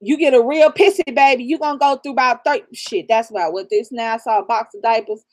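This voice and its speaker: Fast and fairly high in pitch, this middle-aged woman from the American South co-hosts a casual live stream channel. Her advice is blunt, profane and preachy real talk, delivered with laughter.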